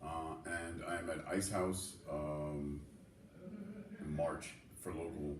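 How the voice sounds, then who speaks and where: A man who is a comedian, a guest on a talk show, energetic and salty-mouthed as he chats. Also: extremely low pitch, slow pace, background noise. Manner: energetic and swearing, running through tour plans. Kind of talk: casual interview chat. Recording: echoey room, voice from a distance.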